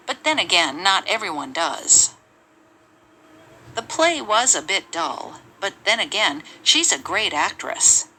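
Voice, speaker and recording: A woman reading English example sentences aloud in a measured, lively way for a lesson. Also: medium pitch, a little hiss or hum, poor audio.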